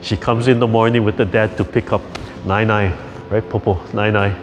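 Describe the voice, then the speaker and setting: A man's voice: on the low side, little pitch movement, normal speed. An older man, a tai chi instructor telling laughing, easygoing stories between exercises over a video call. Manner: laughing, easygoing, tags lines with "yeah?" and "right?". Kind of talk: chatty storytelling between exercises.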